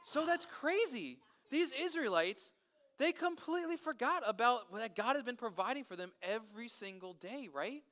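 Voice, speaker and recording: A man's voice: extremely high pitch, normal speed. A man leading a children's service outdoors, telling a Bible story and quizzing the kids. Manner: animated, asks kids questions. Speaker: children's pastor. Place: outdoors in a park.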